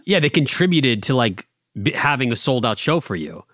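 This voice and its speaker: A man's voice: mid-range voice, sing-song, normal speed, fairly bright tone, no room sound, clean studio sound. Blunt young man needling with questions. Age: young adult. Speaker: podcast co-host. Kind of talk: casual podcast chat.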